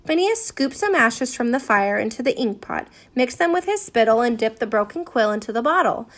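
A woman reading a children's storybook aloud with expressive, animated narration. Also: a little high, brisk.

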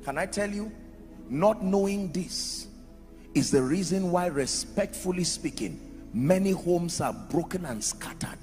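A man's voice: high voice, lively intonation, measured pace, darkish tone. A man preaching a sermon in an emphatic style, asking the crowd rhetorical questions. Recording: echoey hall with music under.

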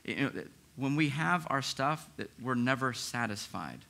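Male pastor, conversational sermon, bright and forceful tone, animated. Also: medium pitch, unhurried, vocal fry. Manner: animated, conversational preaching with frequent restarts; acts out listeners' inner objections.

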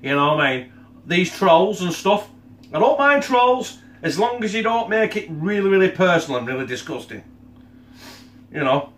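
Man, cooking vlog host, crude joking banter, slightly raised pitch, echoey kitchen. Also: big pitch swings, moderate pace, a bit bright, a little hiss or hum. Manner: blunt, sweary, jokey banter; talks with his mouth full while tasting. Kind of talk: casual cooking vlog chat. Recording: echoey room.

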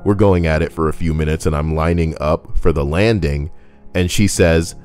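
A man's voice: extremely low pitch, normal speed, a little mellow, soft background music. A man doing comedic commentary as a streamer reading online posts, crude and jokey, slipping into silly voices and singing.

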